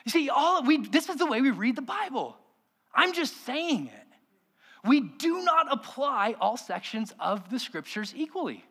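A man's voice: high-pitched, sharp tone. A man preaching a sermon as pastor, emphatic and full of rhetorical questions to the congregation.

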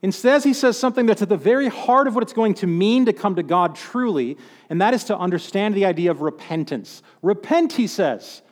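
Guy preaching, kinda high voice, chatty and joking, lots of echo from a big room. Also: lively intonation, fairly quick. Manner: conversational preaching with humor and acted-out quotes. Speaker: pastor. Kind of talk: sermon.

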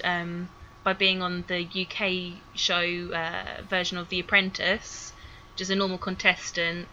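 A woman's voice: mid-range voice, pushed and bright, highs cut off, a little hiss or hum. A British woman, a podcast guest, chatting casually and scathingly. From United Kingdom. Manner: chatty, scathing about public figures.

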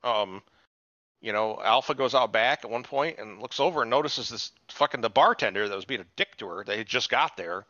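A man rambles through a profane, animated episode recap, his voice bright and forceful. It sounds dry and close, but the sound is a little dull and lo-fi. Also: mid-range voice, brisk, dry recording. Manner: profane, rambling, animated retelling with put-on quotes. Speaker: podcast co-host. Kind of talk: casual chat recapping a TV episode.

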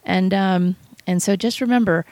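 A woman co-hosting a radio show, talking about the Bible in an earnest, halting way with many restarts. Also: mid-range voice, a little mellow, no echo. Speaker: radio co-host. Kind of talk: casual Bible talk.

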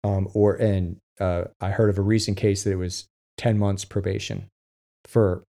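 A man with a fairly low voice talks through legal cases in a loose, halting way. He stops and restarts often and leans on fillers. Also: level tone, gravelly, warm tone. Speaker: co-host with legal case experience. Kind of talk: casual discussion.

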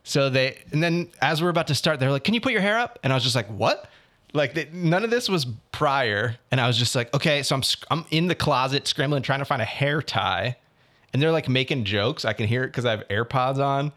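A young man chatting casually about his week. He tells the story with energy, quoting people and venting, and his voice sits at an ordinary middle pitch. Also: a little fast. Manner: animated storytelling, swearing, quoting others. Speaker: actor telling about auditions. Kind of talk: casual chat.

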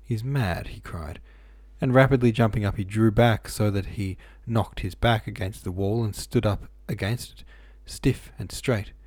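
A man narrating a novel aloud in a steady, even reading manner with small slips. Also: on the low side, normal speed, husky, no echo. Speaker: audiobook reader.

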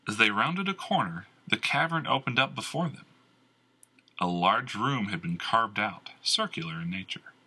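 A man narrating a fantasy novel in a measured, expressive scripted read. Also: lowish voice, breathy edge. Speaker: audiobook narrator.

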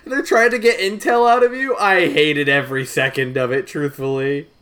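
Deadpan guy cracking podcast quips. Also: fairly high pitch, normal speed, slight background noise. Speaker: podcast co-host. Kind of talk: casual chat.

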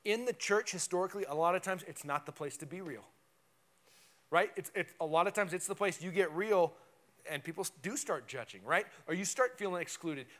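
A man's voice: high voice, fairly quick, a bit bright. A man preaching a conversational, emphatic sermon in a church, often checking in with "right?". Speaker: pastor. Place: church sanctuary.

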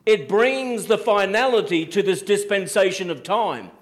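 Emphatic high-voiced male preacher. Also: expressive. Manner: emphatic, repeating key phrases, slows down to quote scripture. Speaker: pastor. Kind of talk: sermon.

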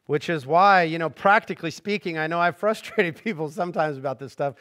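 Middle-aged guy preaching, chatty and jokey, goes quiet then gets lively, kinda high voice. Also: fairly quick. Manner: conversational and joking, swinging from hushed earnest to animated. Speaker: pastor. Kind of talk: sermon.

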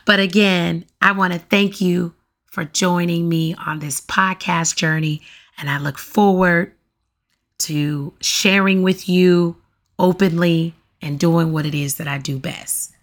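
A middle-aged woman hosting her own podcast, talking to listeners in a lively, preachy way and calling out to them often, with a voice that turns raspy at times. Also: fairly low pitch, takes it slowly. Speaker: podcast host. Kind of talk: casual solo podcast monologue. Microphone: USB condenser mic.

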